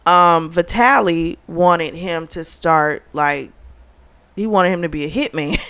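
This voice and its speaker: Woman, book reviewer, casual plot recap, chatty, animated, smooth voice, lowish pitch. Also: takes it slowly. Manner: chatty and animated, heavy use of "like", laughs often.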